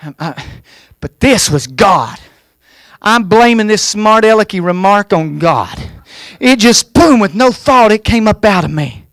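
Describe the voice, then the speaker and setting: A male guest pastor preaching a revival sermon in a church, fervent, with folksy humor, swinging from quiet asides to loud shouted calls. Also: high voice, lively intonation, a little slow, no room sound.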